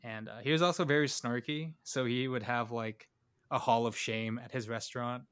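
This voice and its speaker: A man's voice: mid-range voice, steady tone, normal speed, a bit bright, clean tone. A young man co-hosting a podcast, telling a story in a loose, joking way with many fillers. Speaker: podcast co-host. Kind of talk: casual storytelling chat.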